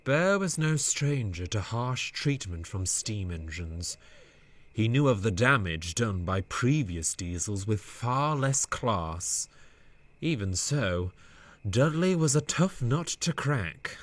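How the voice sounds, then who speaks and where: A man narrating a storybook tale in a scripted, measured way. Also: lowish voice, very animated.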